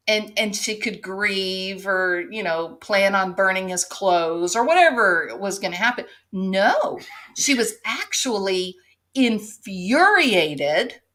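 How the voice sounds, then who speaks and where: A woman's voice: medium pitch, bright, forceful tone. A woman hosting an opinion commentary, sarcastic and pointed, driving her case with rhetorical "right?" questions. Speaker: commentary show host.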